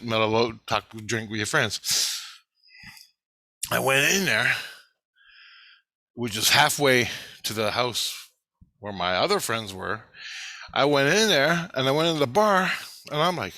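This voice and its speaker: Bright-voiced man telling a rambling, profane story. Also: lowish voice, no echo. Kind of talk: casual storytelling vlog.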